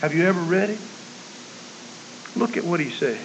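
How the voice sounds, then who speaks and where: A man preaching a sermon, emphatic, moving between loud declaiming and quiet earnest appeals. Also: fairly high pitch, animated, moderate pace, pauses often. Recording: muffled, hissy recording.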